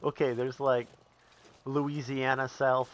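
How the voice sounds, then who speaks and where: A man from Northern Canada streams a survival game, chatting with his viewers and answering chat as he plays. His voice is medium in pitch, level in tone, and slow. It's live gameplay commentary.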